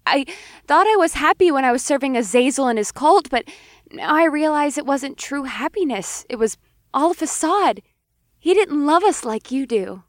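A man voicing an affectionate, playful young woman who was once a cultist, with a soft, breathy voice. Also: very high-pitched, animated, normal speed, dry recording, clean studio sound, pitched above the performer's own voice. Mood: earnest.

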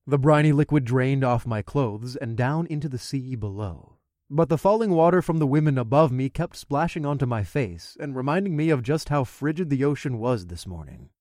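A man narrating a first-person fantasy story in an expressive, conversational storytelling manner. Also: mid-range voice, moderate pace, no echo, clean studio sound. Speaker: audiobook narrator.

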